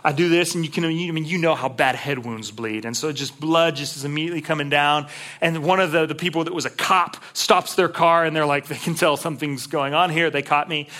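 A man from Texas preaching a sermon, earnest and conversational, dropping to hushed tones and then rising to raised appeals. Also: on the high side, brisk. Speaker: pastor.

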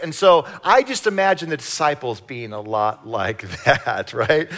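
Animated man preaching with acted asides. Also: fairly high pitch. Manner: animated, acts out voices in Bible stories; reads scripture slowly, asks the congregation to repeat lines. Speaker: pastor. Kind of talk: sermon.

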